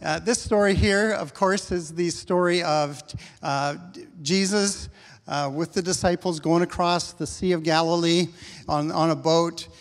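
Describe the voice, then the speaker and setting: A man's voice: a little high, fairly even intonation, measured pace, in a large hall. A middle-aged male pastor preaching a sermon in a church, talking conversationally and acting out prayers with rising intensity. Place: church sanctuary.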